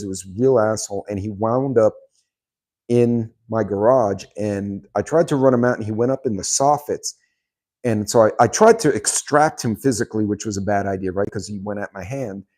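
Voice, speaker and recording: Middle-aged male host, dark mellow voice, rambling casual storyteller who laughs a lot. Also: medium pitch. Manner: rambling storyteller, laughs often, many ums. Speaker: channel host. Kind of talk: casual chat reading viewer comments.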